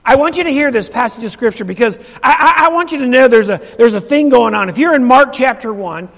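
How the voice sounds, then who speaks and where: A man's voice: very high-pitched, expressive, a little fast, creaky, fairly bright tone. A middle-aged male pastor telling a story in a sermon, emphatic and repeating his phrases while asking the congregation questions. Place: church sanctuary. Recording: long reverb of a large hall.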